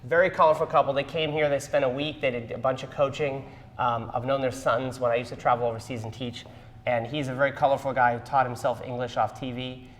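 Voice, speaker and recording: A male dance instructor talks fast in a steady, medium-pitched voice while leading a partner dance class in a studio. He walks through the moves and calls out the counts, and the recording carries a long hall reverb.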